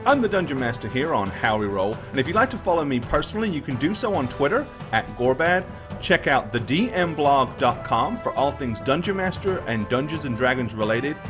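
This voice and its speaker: A man narrating a tabletop game as dungeon master, telling the scene in a lively way with many filler words. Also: mid-range voice, moderate pace, music in the background.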